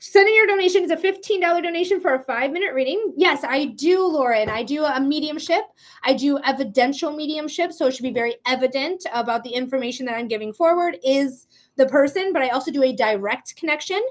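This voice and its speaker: A woman with a high-pitched voice talks fast while hosting a live psychic reading stream. She chats casually in a blunt, profane way and laughs often, in a casual livestream style.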